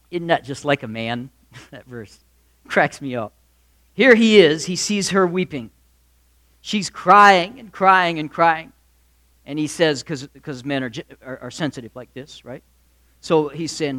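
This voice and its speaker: High-voiced preacher with dramatic swings. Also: male voice. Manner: acts out characters in quick asides, swings from loud to soft. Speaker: pastor. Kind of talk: sermon.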